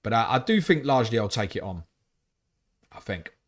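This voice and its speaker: On a live fantasy football stream, a man reads out chat questions and answers them bluntly, swearing casually. He speaks at normal speed with a medium pitch and big pitch swings.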